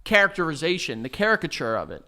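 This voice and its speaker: Bright, forceful New York man ranting. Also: on the high side, big pitch swings, fast talker. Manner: ranting, profane, opinionated. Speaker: podcast co-host. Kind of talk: casual podcast chat.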